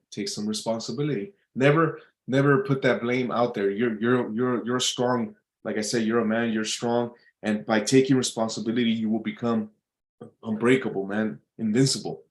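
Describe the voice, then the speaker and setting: A man's voice: mid-range voice, normal speed, reverberant. A man giving casual motivational advice, blunt and profane, often repeating himself and restarting his sentences. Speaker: vlogger giving life advice.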